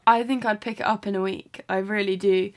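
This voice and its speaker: A woman who grew up partly in New Zealand, speaking with an English accent that keeps faint traces of a Kiwi twang, chatting casually as a podcast co-host with quick replies. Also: medium pitch, fairly even intonation. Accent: English, with faded traces of a Kiwi twang. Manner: quick back-channel replies, laughs easily. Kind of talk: casual chat.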